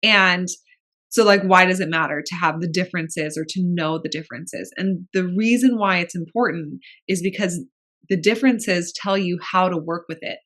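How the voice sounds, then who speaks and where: A woman's voice: on the low side, moderate pace, fairly bright tone. A pregnant woman co-hosting a podcast, talking in a frank, chatty way and swearing casually. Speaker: podcast co-host.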